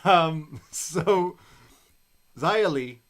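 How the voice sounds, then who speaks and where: A man co-hosting a wrestling podcast, recapping the show in casual chat with animated, excitable storytelling. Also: on the high side, very slow.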